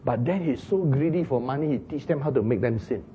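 Animated husky preacher retelling a Bible story. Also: male voice, mid-range voice, a little fast, lo-fi sound. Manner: animated, laughing, acts out the donkey and Balaam in exclaiming voices. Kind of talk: sermon storytelling.

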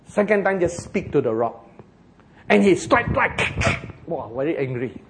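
Animated male preacher with a Singaporean English accent, fairly high voice, jokey sermon delivery. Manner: animated, joking, slows for emphasis.

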